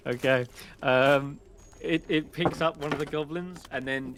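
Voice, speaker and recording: A man narrating a tabletop game as game master, lively and quick to laugh. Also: on the high side, slight background noise.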